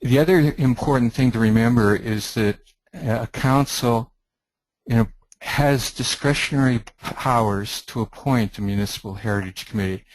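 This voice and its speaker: A middle-aged Canadian man, a heritage planning consultant, presenting a webinar in a measured, explanatory way. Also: medium pitch, no room sound, low-quality recording. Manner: measured, explanatory, with some restarts.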